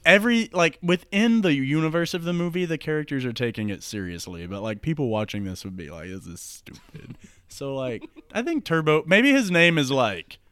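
A man's voice: a little high, big pitch swings, moderate pace, a bit bright, clean tone, dry recording. A man in casual chat, rambling through a made-up movie plot and filling it with "like" and "you know".

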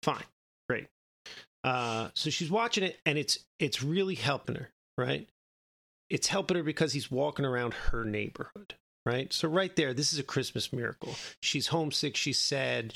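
A gravelly, fairly bright voice of medium pitch belongs to a podcast co-host spinning out a long, loose story. He repeatedly checks in with listeners by asking "right?"

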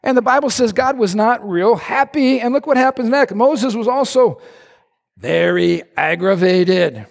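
Male pastor, high gravelly voice, lively humorous preaching, echoey hall. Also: unhurried. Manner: animated, conversational preaching with humor. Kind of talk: sermon.

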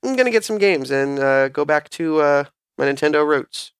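A podcast host with a slightly high voice, telling stories in a crude, joking, animated way. The mic is close and dry, with no room sound at all. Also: male voice, normal speed, clean tone, dry recording. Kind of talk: casual podcast banter.

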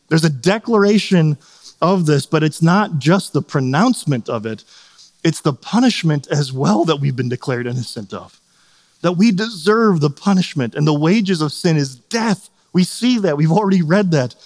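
A man's voice: a little high, a little mellow. A man in his thirties preaching a sermon in a conversational way, often checking in with "right?" and acting out quotes. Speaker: pastor. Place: church sanctuary. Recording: long hall reverb.

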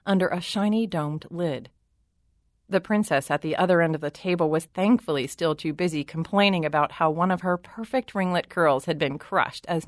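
A woman storyteller reading a children's story aloud with expressive narration. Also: low voice, dry recording, studio quality.

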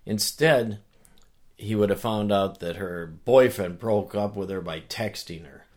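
A man talking as a guest in a casual conversation, telling a story with animated energy and earnest restarts. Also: lowish voice, a little slow. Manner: animated storyteller who acts out voices. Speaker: author and guest.

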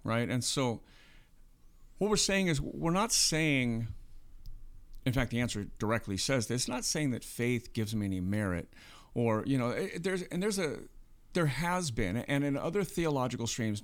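A man's voice: medium pitch, animated, moderate pace. A man co-hosting a podcast, talking through faith in a casual, earnest way and often checking in with "right?". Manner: earnest, explaining with frequent "right?". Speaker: podcast co-host.

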